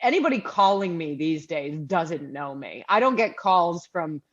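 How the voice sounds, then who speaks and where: A woman's voice: fairly low pitch, lively intonation, normal speed, dry recording. Woman, podcast co-host, casual chat, wry and laughing, dry muffled recording.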